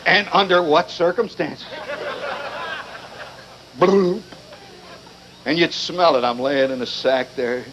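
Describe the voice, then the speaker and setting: A man's voice: on the high side, normal speed, few pauses, fairly bright tone, slight background noise. A man from Indiana telling a wry, digressive humorous monologue to a live audience, captured in a muffled 1970s live recording. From Indiana, USA. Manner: wry, digressive, mock-indignant. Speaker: storyteller performing for a live audience.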